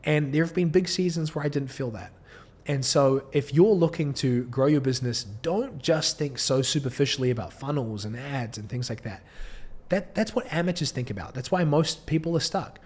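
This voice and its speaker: A man's voice: medium pitch, normal speed, a little mellow, slightly rough. A man in his thirties with a New Zealand accent, speaking to camera as a business coach in an earnest, preachy way, often restarting his sentences. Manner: earnest, preachy, with frequent restarts and light laughs. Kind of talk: direct-to-camera motivational talk. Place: indoor filming setup.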